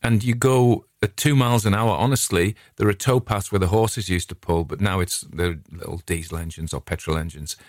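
A man's voice: low voice, a little fast, few pauses, dry recording, clean studio sound. A middle-aged English man chatting casually, a digressive and friendly storyteller who hosts his own show. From England. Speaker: podcast host. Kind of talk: casual rambling chat.

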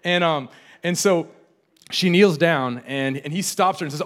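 Young male preacher, higher-pitched, chatty sermon, frequent restarts, playful asides. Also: unhurried, a bit bright. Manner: casual, repeats and restarts words often, joking asides. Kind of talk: conversational sermon.

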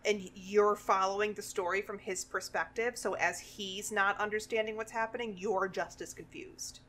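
A young woman co-hosting a casual chat, blunt and excitable, swearing freely. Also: medium pitch, moderate pace. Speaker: podcast co-host.

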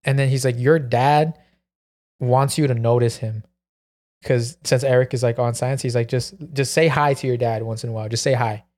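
A man's voice: mid-range voice, fairly even intonation, normal speed, a little mellow. A man telling a long story in casual podcast chat, full of "like" and "bro". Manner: rambling, peppered with "like" and "bro". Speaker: podcast co-host.

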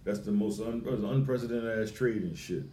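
A man co-hosting a podcast, chatting casually, swearing a lot and laughing between quick bursts of talk. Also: fairly low pitch, mellow. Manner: profane, laughing, rapid bursts. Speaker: podcast co-host. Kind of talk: casual chat. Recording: echoey room with faint noise.

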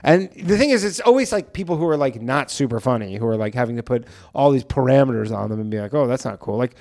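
A man co-hosting a casual comedy podcast, laid-back and agreeable, turning animated when he riffs. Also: mid-range voice, fast talker.

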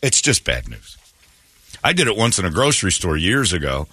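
A man's voice: low-pitched, sing-song, normal speed, pushed and bright, husky, dry recording. A man hosting a morning radio show, telling a rambling, self-amused story and acting out the quotes in exaggerated voices.

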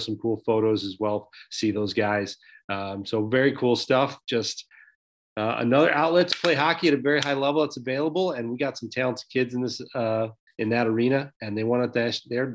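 Man co-hosting a sports podcast, chatty. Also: mid-range voice. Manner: conversational, many fillers and restarts. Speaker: podcast co-host. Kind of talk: casual sports podcast chat.

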